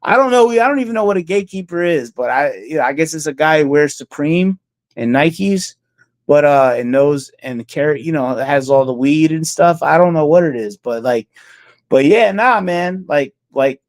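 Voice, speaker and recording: A man's voice: a little high, animated, normal speed, no room sound. A man talking casually as an interview guest, rambling with many fillers and restarts. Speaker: interview guest, music producer.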